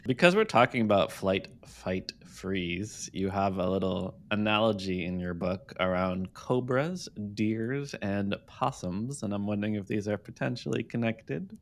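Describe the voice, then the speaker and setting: A man hosting a podcast interview, asking relaxed, curious questions and murmuring agreement. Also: lowish voice, a little slow, few pauses. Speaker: podcast host.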